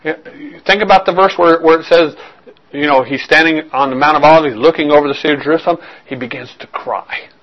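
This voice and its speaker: Speaking quickly in a fairly high voice, a man delivers a sermon with earnest, searching intensity and a slightly raised voice. The pastor questions his listeners directly, circles back over his own phrasing and presses every point, and the audio sounds dull.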